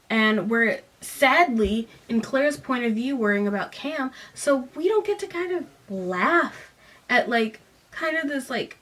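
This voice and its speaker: A woman's voice: a little high, a bit bright. A woman giving a casual, rambling book review, full of sighs and "like" fillers.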